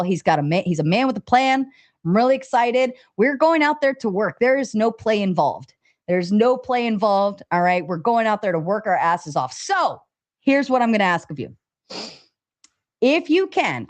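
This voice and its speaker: Woman livestream host, excitable and foul-mouthed, reads chat aloud with big pitch jumps. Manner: excited, swears freely, pitch jumps when reading chat. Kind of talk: casual livestream talk, reading chat aloud.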